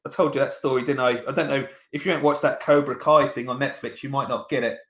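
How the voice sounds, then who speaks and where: A man's voice: mid-range voice, steady tone, fast, a bit bright, reverberant. A man in his thirties, co-hosting a podcast and telling grumbling, chatty stories about his family. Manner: chatty storyteller, grumbling, mimics voices. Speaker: podcast co-host. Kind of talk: casual banter.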